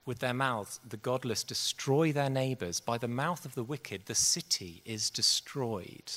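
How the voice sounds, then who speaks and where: A man's voice: medium pitch, a little slow, a bit bright. A man preaching a sermon in an earnest, conversational way. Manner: conversational, earnest, acts out quotes. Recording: long hall reverb.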